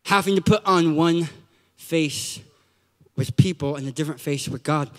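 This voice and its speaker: A man preaching a lively sermon in a church, joking and acting out quotes with sudden shouts. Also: fairly high pitch, normal speed, big-room sound. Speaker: guest preacher.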